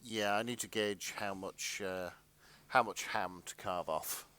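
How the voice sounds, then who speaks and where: Slow, bright-voiced man making dry quips. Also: on the low side, steady tone, clean tone. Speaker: podcast co-host. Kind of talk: casual comedic chat.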